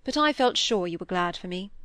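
A woman voicing a kind, earnest young man who is a scholar, in a gentle and polite audiobook reading. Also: lowish voice, animated, a little fast, no echo.

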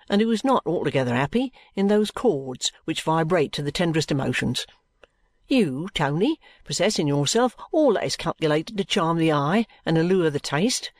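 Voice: medium pitch, no room sound, pitched above the performer's own voice, natural voice. A reader voicing a pompous, touchy young male law clerk who protests at length in flowery, wounded terms. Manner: wordy, injured remonstrance.

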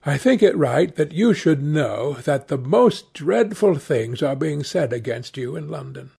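Male narrator voicing a grave, earnest gentleman painter; gravelly audiobook delivery. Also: fairly high pitch, animated, a little slow, heavily acted.

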